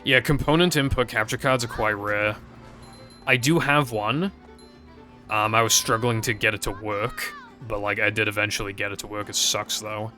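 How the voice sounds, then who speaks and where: Young man, streamer, casual rambling chat, hesitant fillers, slightly low pitch, faint background music. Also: steady tone, moderate pace, sharp tone.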